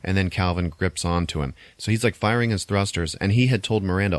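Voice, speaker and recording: On a dry recording, this deep-voiced man speaks fairly quickly while co-hosting a podcast. He gives a loose, animated rundown of a film's plot, packed with crude profanity.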